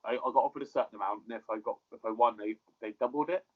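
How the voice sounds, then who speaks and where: A man who is a mixed martial arts fighter, chatting as an interview guest over a video call, relaxed, swearing casually and repeating his words. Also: medium pitch, racing, narrow, tinny audio.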